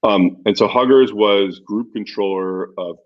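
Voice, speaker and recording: A middle-aged man with a fairly low voice speaks at a measured pace, the recording's highs cut off. As a guest in a podcast interview, he's an animated storyteller who acts out the quoted dialogue of the people in his stories.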